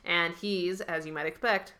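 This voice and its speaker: Bright-voiced woman recapping with wry laughs. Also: on the low side, steady tone, moderate pace. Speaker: podcast co-host recapping a show. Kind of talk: casual chat.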